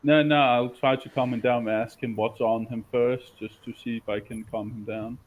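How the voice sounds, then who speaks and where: A man's voice: mid-range voice, fairly even intonation, normal speed. A man taking part as a player in a tabletop game, speaking in a hesitant, matter-of-fact way.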